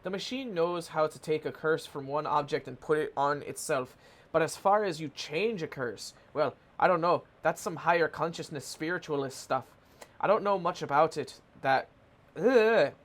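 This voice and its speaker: A man's voice: on the high side, normal speed, close to an everyday voice. A man voicing a modest handyman with a put-on Irish accent, rambling folksily. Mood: folksy.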